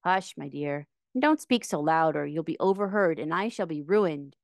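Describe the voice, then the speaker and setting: A woman's voice: low-pitched, lively intonation, normal speed, no echo, studio quality. A woman reading aloud from a storybook, voicing a timid little old man posing as a wizard, meek and trembling.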